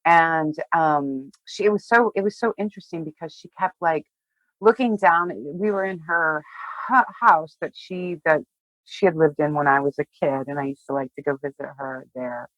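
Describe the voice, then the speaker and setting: A woman guest on a podcast, sharing a personal story in a heartfelt, emotional way, often halting and restarting. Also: deep voice, fairly bright tone, dry recording, rough recording. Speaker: tarot reader, guest.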